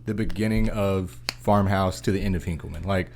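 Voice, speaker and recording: A young man co-hosting a podcast, laid-back and casual, often chiming in with quick agreement. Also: sits low, steady tone, creaky, darkish tone, a little hiss or hum. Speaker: podcast co-host. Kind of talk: casual chat.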